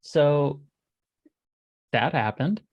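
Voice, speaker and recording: A woman narrating a tabletop role-playing game as game master, describing scenes in a measured, descriptive way. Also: low voice, dull audio.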